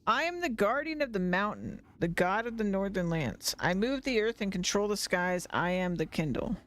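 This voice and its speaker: A streamer voicing a man in a bear suit who poses as a grandiose mountain god, speaking in slow, menacing pronouncements. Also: mid-range voice, lively intonation, a bit bright, close to an everyday voice. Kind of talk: reading game dialogue aloud on a livestream.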